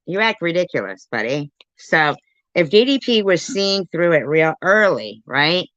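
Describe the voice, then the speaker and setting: A woman's voice: deep voice, very animated, measured pace, fairly bright tone, dry recording, lo-fi sound. A woman doing casual live commentary as a YouTuber, rambling and swearing as she talks to her viewers.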